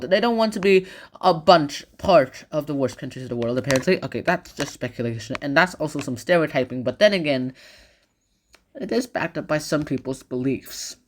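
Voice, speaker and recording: A man's voice: high voice, a bit bright. A man talks through a history lesson in a casual, loose way, tossing in sarcastic asides between points. His phrasing rambles and circles back, with fillers and restarts. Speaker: video lecturer. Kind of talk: casual educational commentary.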